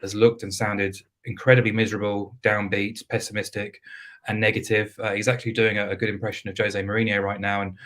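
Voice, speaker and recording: Flat, low-voiced male football tipster. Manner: measured, stats-heavy, with frequent restarts. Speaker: betting tipster. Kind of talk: podcast analysis.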